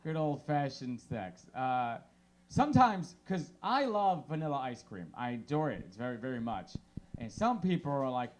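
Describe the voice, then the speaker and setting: A man in his thirties doing a stand-up comedy set of deadpan one-liners on a small bar stage, through a handheld mic. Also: a little high, a little fast.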